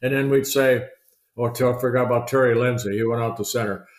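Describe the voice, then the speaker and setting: An older man, a retired pitcher, telling chatty, rambling stories in a podcast interview, full of fillers and restarts. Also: fairly even intonation, fast talker. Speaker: guest, retired baseball pitcher. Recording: roomy echo.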